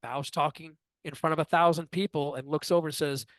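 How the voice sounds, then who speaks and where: A middle-aged man, an astrologer being interviewed, telling a personal story in a lively way and acting out what others said. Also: a little high, a little fast, dry recording. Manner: lively, acts out others' lines in quotes. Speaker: astrologer guest.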